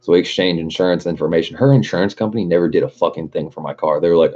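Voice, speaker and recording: A very deep-voiced young man with a husky, dark tone, cursing and laughing his way through a casual story. The stream mic sounds a bit muffled. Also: very fast, few pauses. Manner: profane, animated, laughing.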